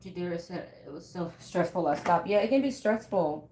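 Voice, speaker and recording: A woman in her thirties talks with her viewers while she works at her sewing table. Her voice sits a little low and she laughs often. The room has a noticeable echo and a faint hiss behind her. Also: fairly quick, dark tone. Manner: chatty, laughs often, talks to chat by name. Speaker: bag maker live-streaming while sewing. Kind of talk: casual chat with viewers. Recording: echoey room.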